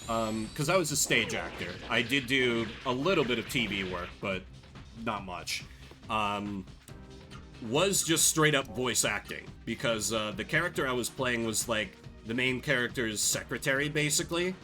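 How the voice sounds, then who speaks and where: A man's voice: mid-range voice, lively intonation, normal speed, sharp tone, soft background music. A young man streaming a game, telling rambling stories full of fillers in a casual chat. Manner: chatty, rambling storytelling with many fillers. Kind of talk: casual gameplay commentary.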